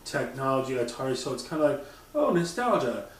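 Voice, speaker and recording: A man chatting casually on a podcast, animated and profane, often mimicking voices as he talks. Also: mid-range voice, fairly quick, distant mic. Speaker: podcast co-host. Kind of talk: casual chat. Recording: roomy, off-mic sound.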